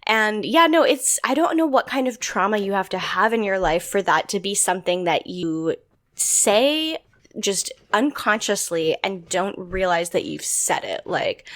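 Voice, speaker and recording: A woman's voice: mid-range voice, measured pace. A woman co-hosts a podcast in loose, casual chat. Her voice swings up and down a lot, and she laughs often as she talks. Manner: giggly, animated, laughs often. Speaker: podcast co-host.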